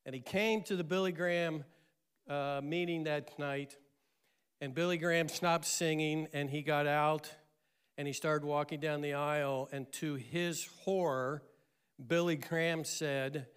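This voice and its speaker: Middle-aged male pastor, lively storytelling sermon, slightly high, smooth and clear. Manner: animated storyteller with frequent "uh" pauses.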